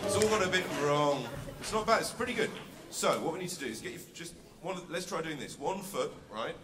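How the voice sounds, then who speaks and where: Energetic man leading a band workshop. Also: a little high, fairly quick, music in the background. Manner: energetic, call-and-response chanting of scat syllables. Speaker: workshop leader. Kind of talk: leading a live music workshop. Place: school hall with live band and audience. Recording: echoey hall, mic far off, loud band and crowd.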